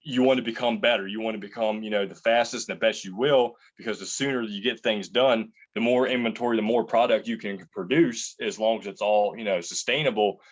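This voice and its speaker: A low-pitched man answers interview questions in a loose, rambling way, often restarting sentences as he tells stories from kitchens. The audio is dull and lo-fi. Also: steady tone, a little fast, hardly any pauses. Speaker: chef and entrepreneur.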